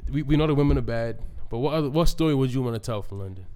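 A fast-talking American man with an East Coast accent on a casual podcast. He piles on slang and swearing, pushing his points with emphasis. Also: medium pitch, dark tone, clear, resonant tone. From United States. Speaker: podcast co-host. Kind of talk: casual chat.

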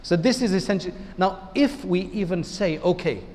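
Delivering an Islamic lecture, a high-voiced imam speaks at a normal speed with an animated, conversational manner and a somewhat dark tone. He keeps asking his audience rhetorical questions while a large hall's long reverb hangs on each phrase.

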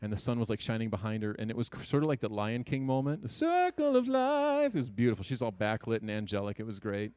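A man's voice: fairly low pitch, steady tone, clear, resonant tone, no echo. Earnest man telling a personal story. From Ohio, USA. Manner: earnest, conversational, with quick jokes and hushed asides. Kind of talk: personal story told to an audience.

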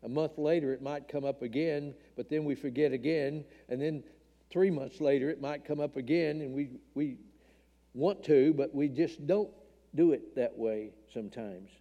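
A man's voice: a little high, moderate pace, warm tone, highs cut off. An older man from Tennessee, earnestly and emotionally telling a personal testimony in a church talk. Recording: long hall reverb.

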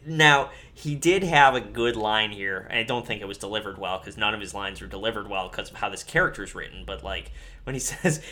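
A man's voice: lowish voice, fairly quick, bright, forceful tone. A man co-hosting a podcast, reviewing a movie in casual chat, blunt and profane and laughing often. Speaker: podcast co-host.

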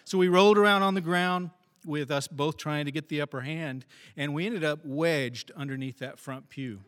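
A former police officer telling a wry, self-deprecating story about a fight on the job. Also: male voice, on the high side, moderate pace, fairly bright tone, big-room sound. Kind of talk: first-person storytelling.

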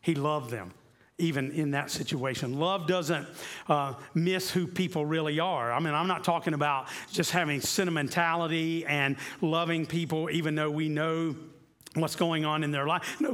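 A man preaching a sermon as a pastor. He talks earnestly, repeating key phrases and slowing down to stress them. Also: a little high, fairly bright tone.

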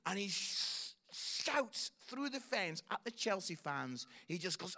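Lively Scottish man doing stand-up. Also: high-pitched, moderate pace, hardly any pauses. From Scotland. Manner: chatty storytelling, keeps checking in with the audience. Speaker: stand-up comedian. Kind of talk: stand-up comedy routine.

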